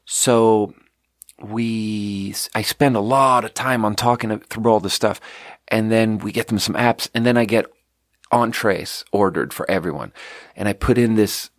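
Animated man telling a kitchen story. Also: unhurried, dry recording, clean studio sound. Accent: Swedish. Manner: animated, rises to high shouting when quoting the kitchen. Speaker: podcast host. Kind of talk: casual storytelling.

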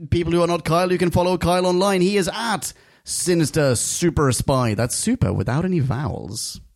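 A man's voice: fairly high pitch, brisk, no echo, clean studio sound. A man co-hosting a podcast, reading listener reviews aloud in a jokey, giggly way. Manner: jokey, giggly, reads listener mail in a lively voice.

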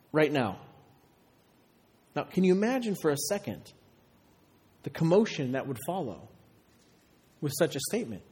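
High-pitched guy preaching a sermon, chatty with lots of rhetorical questions, big echoey church hall. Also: a little mellow. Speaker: pastor. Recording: long reverb of a large hall.

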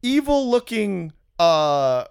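High-voiced man rambling through a film recap. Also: sing-song, creaky, smooth, dry recording, studio quality. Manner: rambling, profane, laughing, halting restarts. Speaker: podcast co-host recapping a film. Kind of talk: casual comedic chat.

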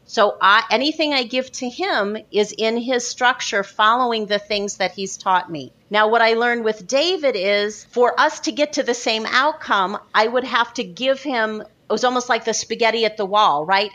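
A woman copywriter, a guest on a podcast interview, talking in an animated and emphatic way and repeating her points for stress. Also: a little high, moderate pace, hardly any pauses. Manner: animated, acts out other people's lines in quotes.

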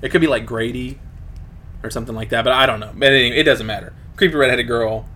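A man's voice: medium pitch, fairly even intonation, fast talker, bright, forceful tone. A man casually retelling a film's plot as a podcast co-host, rambling with plenty of fillers. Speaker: podcast co-host reviewing a film. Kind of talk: casual chat.

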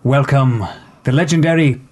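A woman's voice: rumbling low, normal speed, heavy background noise. A man voicing a gracious noblewoman hostess making a formal announcement to a party crowd. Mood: grand.

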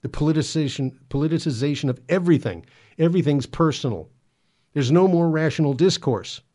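A man offers earnest Catholic commentary and exhortation in a higher, mellow voice, speaking a little fast. He often repeats words and stumbles as he presses his point.

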